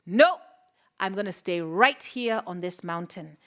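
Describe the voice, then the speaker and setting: A woman storyteller voicing a hungry male fire spirit who is slow and reluctant, speaking low and weighty. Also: animated, a bit bright.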